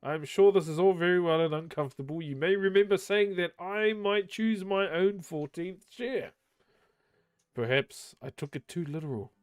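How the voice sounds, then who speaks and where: Brief: a prim, anxious hobbit, read aloud by a man, quick and fussy. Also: sits high, clean tone, no room sound, voice pushed up, lightly acted. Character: fussy, nervous small male hobbit.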